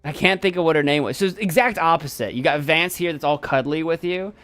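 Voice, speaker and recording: A man hosting a live stream, chatting casually in an animated, jokey and rambling way. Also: fairly high pitch, fast, soft background music. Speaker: streamer host.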